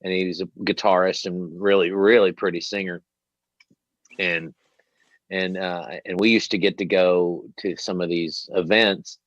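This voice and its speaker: A man hosting an interview, telling a long story in a rambling, animated way and swearing freely. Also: low voice, measured pace, no room sound. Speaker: host. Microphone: headset. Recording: dull lo-fi dry sound.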